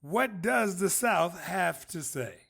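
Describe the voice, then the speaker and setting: A man's voice: high-pitched, expressive, slow pace, vocal fry, sharp tone, breathy edge, no room sound. Enthusiastic male host, dry close sound. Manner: enthusiastic, formal. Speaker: podcast host. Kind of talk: scripted introduction.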